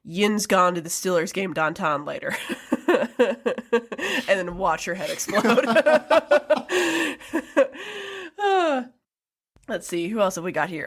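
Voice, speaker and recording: A woman's voice: medium pitch, a bit bright. A young adult woman co-hosting a casual film review podcast, chatty, laughing often, with many ums and likes. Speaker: podcast co-host.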